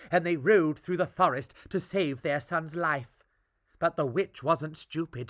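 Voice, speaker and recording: A woman reading a rhyming fairy tale aloud with a lilting, expressive delivery. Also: low-pitched, no room sound, studio quality. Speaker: storyteller.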